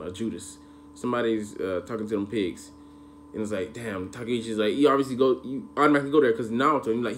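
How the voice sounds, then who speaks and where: A man casually reviewing an anime episode, rambling with lots of fillers and bursting into loud profane rants. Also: medium pitch, slight background noise.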